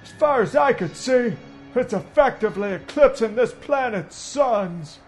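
A fed-up first officer, as a man puts him on, grumbling slowly with irritation. His voice sits high and drags along. Faint music plays behind him. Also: animated. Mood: irritable. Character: exasperated, grumpy male first officer.

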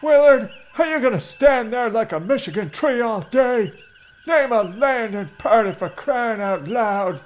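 A man voicing an exasperated, grumpy male first officer who grumbles slowly and irritably in a comedy audio parody. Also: very high voice, lively intonation, dull audio. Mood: irritable.

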